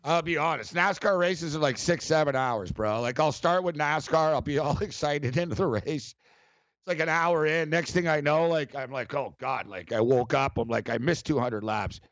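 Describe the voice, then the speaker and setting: A man's voice: a little high, moderate pace, fairly bright tone, no room sound, highs cut off. A middle-aged man hosting sports talk radio, telling stories in a loose, rambling way with frequent laughs. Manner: rambling, storytelling, laughs often.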